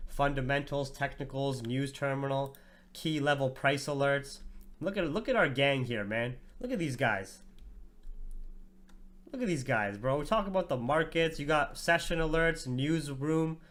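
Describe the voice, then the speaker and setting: A man's voice: medium pitch, a little slow, fairly bright tone. A tired man hosting a live market-analysis stream, chatting casually and profanely with his viewers. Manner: profane, slangy, chats with viewers as "bro". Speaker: trading livestream host. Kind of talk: casual livestream market commentary.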